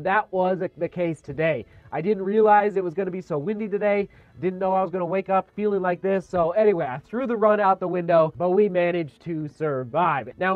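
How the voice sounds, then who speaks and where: A man's voice: high voice, no room sound, highs cut off. A man with a congested, stuffed-up voice chatting casually in a vlog, thinking aloud with frequent restarts. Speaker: running shoe vlogger.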